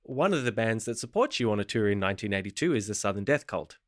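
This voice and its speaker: A man's voice: on the low side, animated, fast talker. A man hosting an interview podcast, reading scripted links and asking questions. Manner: brief encouraging interjections, reads scripted links. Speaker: podcast host.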